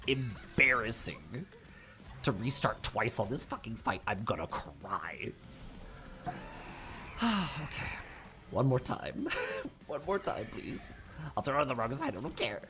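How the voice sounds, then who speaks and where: A man narrating his own card game run in loose, casual commentary, his pitch leaping all over the place as he curses and laughs at his own blunders. His voice sits at an ordinary middle height, with faint game music playing underneath. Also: sing-song, normal speed, a bit bright. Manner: frustrated, swears often, laughs at his own mistakes. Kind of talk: casual let's-play commentary.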